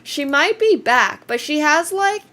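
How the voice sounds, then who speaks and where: This woman's high voice is bright and forceful with lively intonation, and she's in no hurry. Streaming casually, she sounds slightly congested and shaky, wandering from topic to topic and thanking viewers as she goes.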